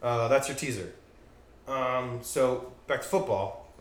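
A podcast host chats with a friend in a home room where dogs are nearby, rambling, joking around, and correcting himself. His voice is mid-range and slow, and the echoey room carries faint noise.

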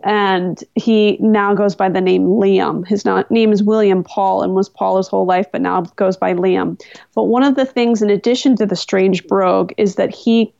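A woman guest on a podcast, telling stories in casual conversation, animated and incredulous. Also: mid-range voice, normal speed, vocal fry, dry recording. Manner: animated, incredulous storyteller with laughs. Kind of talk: casual interview storytelling. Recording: dull, dry close-mic sound.

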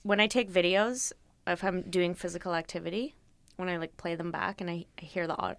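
A woman's voice: on the low side, fairly even intonation, fairly quick, fairly bright tone, dry recording. A woman co-hosting a casual podcast, teasing her friend in a playful way and laughing easily. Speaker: podcast co-host. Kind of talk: casual chat.

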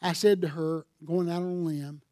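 Pastor preaching, folksy storyteller, fairly high voice, dry close sound. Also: male voice, little pitch movement, normal speed, darkish tone, no echo. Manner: folksy storytelling, rising to fervent emphasis. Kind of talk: sermon.

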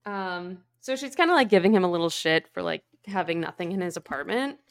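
A woman's voice: lowish voice, animated, fairly quick. A woman co-hosting a podcast, casually recapping a book chapter in chatty talk full of "like" and "basically". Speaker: podcast co-host. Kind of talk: casual book-club chat.

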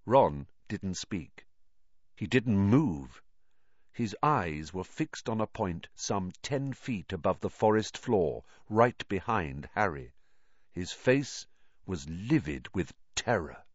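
Lively low-voiced male storyteller. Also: slow, dry recording, muffled recording. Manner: expressive, dramatic reading. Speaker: audiobook narrator. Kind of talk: scripted storybook narration.

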